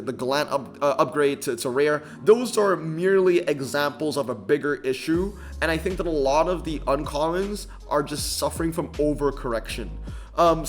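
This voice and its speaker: Male game commentator, a bit high-pitched, irritated and ranty, lots of restarts, light music bed. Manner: irritated, animated ranting with frequent fillers and restarts. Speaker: mobile racing game commentator. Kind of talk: ranting gameplay commentary.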